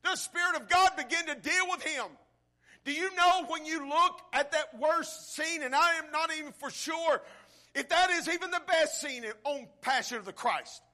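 A male preacher delivering a sermon, swinging from hushed tones to shouting build-ups and speaking straight to the congregation. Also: extremely high pitch, moderate pace. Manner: addresses the congregation directly.

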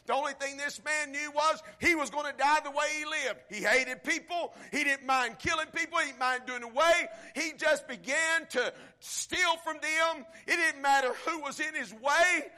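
High bright preacher building to shouts. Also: male voice, normal speed. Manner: swings from hushed to shouting, rhythmic build-ups; addresses the congregation directly. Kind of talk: sermon.

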